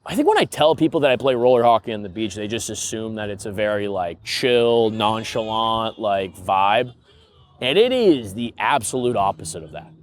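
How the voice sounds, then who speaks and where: A man's voice: fairly low pitch, animated, normal speed. A young man hosting a podcast, rambling through a casual comedic monologue and laughing at his own stories. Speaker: podcast host.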